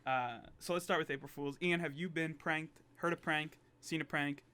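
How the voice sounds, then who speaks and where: A young man co-hosts a podcast in relaxed, casual chat and laughs often. His voice is bright and sits a little high. He tells his own short stories in an easygoing way. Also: normal speed, smooth. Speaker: podcast co-host.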